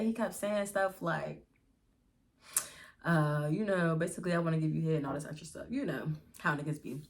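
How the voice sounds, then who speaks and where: With a lowish voice and moderate pace, a young US vlogger from around Pittsburgh shares a casual storytime with viewers from home. She keeps it lively, swears freely, and calls her audience y'all.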